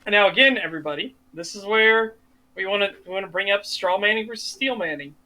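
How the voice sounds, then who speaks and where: A man with a high, bright voice on a casual podcast. He talks bluntly and swears freely, telling stories with animation. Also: quick pace. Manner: blunt, profane, animated storytelling. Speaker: podcast co-host. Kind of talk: casual chat.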